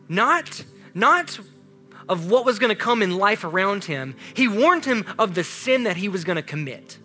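High voice, bright tone, man preaching to teens, casual and lively. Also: normal speed, faint music behind. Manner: casual, animated, talks to students with "y'all". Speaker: youth pastor. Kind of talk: youth sermon.

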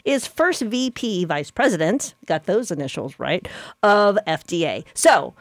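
A woman hosting a casual radio chat, talkative and quick to correct herself and laugh. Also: lowish voice, expressive, no echo. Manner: chatty, self-correcting, laughs easily. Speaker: radio show host.

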